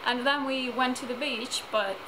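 In a noisy home video, a teenage girl vlogs and chats casually, giggling often. Her voice is high and steady in tone, delivered at a moderate pace.

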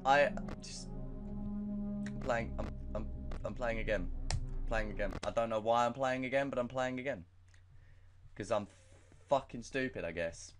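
A man's voice: mid-range voice, a little slow, long pauses, faint music behind. Jittery swearing man playing a horror game. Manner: nervous, profane, self-mocking. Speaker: gaming channel host. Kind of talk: horror game let's play commentary.

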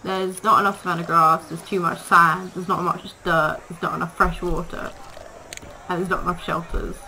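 A woman's voice: fairly low pitch, little pitch movement, moderate pace. A woman casually commenting on her gameplay, chatting to the animals in the game and laughing often. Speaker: gaming video creator. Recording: noisy home recording.

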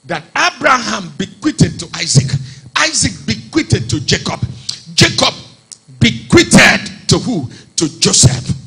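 Husky pastor, preaching sermon, bright animated delivery swinging between hush and shout. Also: male voice, high voice, takes it slowly, poor audio.

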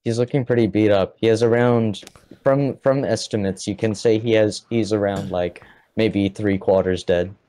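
Low-voiced halting game master man. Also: fairly even intonation, mellow. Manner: halting, full of fillers and restarts. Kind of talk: narrating a tabletop game.

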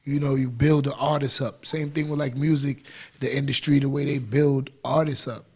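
A man's voice: mid-range voice, little pitch movement, moderate pace, vocal fry, darkish tone, husky. A man co-hosting a podcast in casual chat, blunt and dismissive, with plenty of swearing. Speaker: podcast co-host.

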